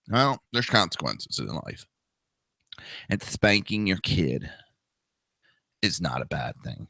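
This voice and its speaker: A man's voice: low-pitched, very animated, takes it slowly, creaky, pauses often, bright, forceful tone, no echo. A man in his thirties hosting a talk show, giving crude, profane and sarcastic ranting commentary.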